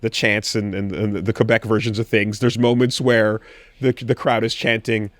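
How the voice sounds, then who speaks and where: Man telling an excited wrestling story. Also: fairly low pitch, moderate pace, no room sound, clean studio sound. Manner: excited storytelling, animated quotes, frequent swearing. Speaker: podcast co-host. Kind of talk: casual chat.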